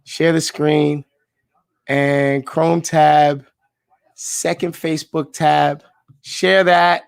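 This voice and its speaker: A man who is a sales director, hosting a live coaching stream in an energetic, slangy way and calling out viewers by name. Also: very slow, vocal fry, clean tone, no room sound, clean studio sound. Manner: hyped and slangy, shouting out viewers by name, jumping to high excited pitch. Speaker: sales director leading a live call session.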